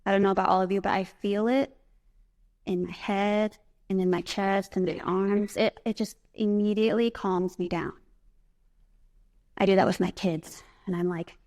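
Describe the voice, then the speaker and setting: A woman's voice: medium pitch, unhurried, pauses often. A woman giving a casual, upbeat motivational talk to a live audience at a conference, chatty and full of fillers, guiding the room through breathing exercises. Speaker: motivational speaker. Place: conference presentation.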